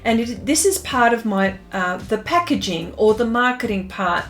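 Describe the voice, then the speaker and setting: A woman's voice: a little high, expressive, moderate pace, faint music behind. An Australian woman hosting an art live stream in bubbly, casual chat, full of fillers and giggly greetings.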